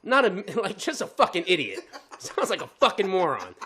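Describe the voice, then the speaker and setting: High, lively, profane male storyteller. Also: moderate pace. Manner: heavily profane, laughing, animated storyteller. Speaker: podcast co-host telling a story. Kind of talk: casual storytelling chat.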